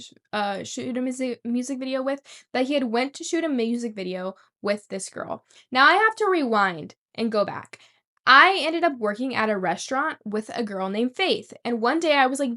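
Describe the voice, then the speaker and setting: A young woman vlogger with a fairly high voice tells a long story. She rambles and swears casually as she goes. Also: sharp tone. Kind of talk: storytime vlog.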